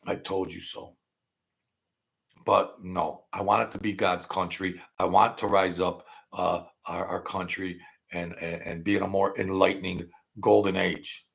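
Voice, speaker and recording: Middle-aged guy ranting on his channel, low gravelly voice, swears a lot, sudden loud bursts. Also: flat delivery, normal speed. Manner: angry, profane, rambling rant with sudden loud outbursts. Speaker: political commentary vlogger. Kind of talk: ranting monologue.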